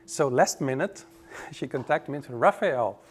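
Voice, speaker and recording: A man from Brazil, giving a relaxed, joking conference presentation. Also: a little high, moderate pace, breathy edge. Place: conference room.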